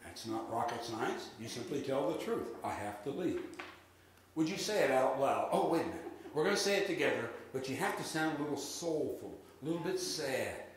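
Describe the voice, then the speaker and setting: A man giving a live sales seminar, lively and drilling the audience in call-and-response. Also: medium pitch, brisk. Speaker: real estate sales trainer. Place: large room with an audience. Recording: echoey hall with faint noise.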